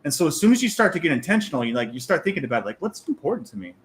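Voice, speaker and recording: A man co-hosting a podcast, talking fast and animated, with profanity. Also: on the high side, slight background noise. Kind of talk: casual podcast chat.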